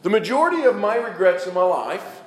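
A man's voice: high voice, sing-song, fairly quick. A man in his fifties preaching a sermon, reading scripture and acting out quoted pleas with rising intensity. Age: 50s. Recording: echoey room with faint ambience.

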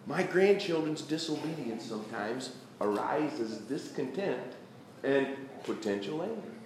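A man's voice: mid-range voice, expressive, measured pace, slight background noise. A man in his fifties preaching a sermon, reading scripture and acting out quoted pleas with rising intensity. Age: 50s. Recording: echoey room with faint ambience.

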